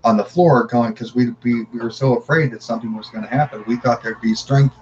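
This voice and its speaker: A man telling paranormal stories in casual conversation, halting and repeating words as he goes. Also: mid-range voice, darkish tone. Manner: halting, repeats words, acts out family dialogue. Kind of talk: casual storytelling. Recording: dull lo-fi sound, faint noise.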